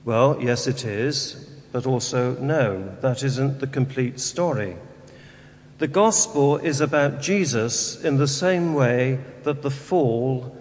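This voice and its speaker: Priest reading the Gospel and preaching, slow deliberate delivery, rhetorical questions, long reverb from a large church. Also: male voice, mid-range voice, a little mellow. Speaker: Catholic priest.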